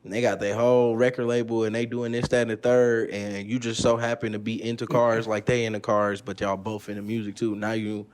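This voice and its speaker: Low-voiced rambling podcast host man. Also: flat delivery, fairly quick, hardly any pauses. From Milwaukee area. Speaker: podcast host asking questions. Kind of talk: casual chat.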